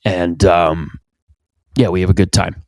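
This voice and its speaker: Low-voiced man rambling crudely. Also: fairly even intonation, unhurried, dry recording. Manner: rambling, crude, self-interrupting. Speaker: podcast host. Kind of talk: casual comedic monologue. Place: home basement.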